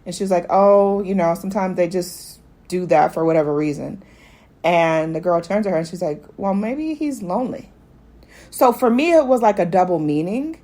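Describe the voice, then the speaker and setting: A woman hosting a podcast, recapping a TV episode in loose, chatty talk and now and then playing out quick quoted lines. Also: fairly low pitch. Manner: chatty and animated, jumps into quick acted quotes of characters. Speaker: podcast host. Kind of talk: casual TV recap chat.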